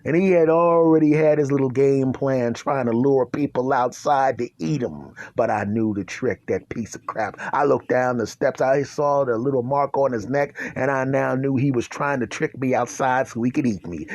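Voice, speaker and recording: A man hosting a podcast, telling an absurd comic story in an animated way and often asking "right?". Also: mid-range voice, moderate pace, few pauses, dry recording. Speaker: podcast host.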